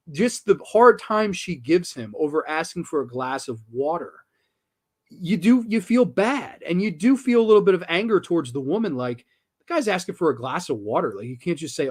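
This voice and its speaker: A man with a fairly high voice hosting a horror movie review show in a loose, chatty way. He gushes enthusiastically about the films, trips over his words and swears casually. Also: moderate pace. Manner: enthusiastic and animated, swears casually, many restarts. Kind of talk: casual film review chat.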